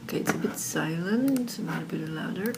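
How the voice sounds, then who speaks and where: A woman explaining audio software in a casual tutorial, recorded on her laptop's built-in microphone, chatty with lots of fillers. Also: on the low side, animated, a little fast, heavy background noise. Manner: chatty, many fillers like "like" and "you know".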